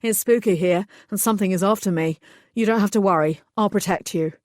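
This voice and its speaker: A woman's voice: a little fast, dry recording, studio quality, close to an everyday voice. A woman voicing a vain, panicky young male fairy who wails melodramatically. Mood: earnest. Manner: shrill melodramatic wailing.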